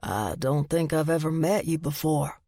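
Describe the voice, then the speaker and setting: Woman doing a deep-voiced southern charmer. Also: animated, warm tone, no room sound. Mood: flirty. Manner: slow, teasing drawl. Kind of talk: audiobook narration.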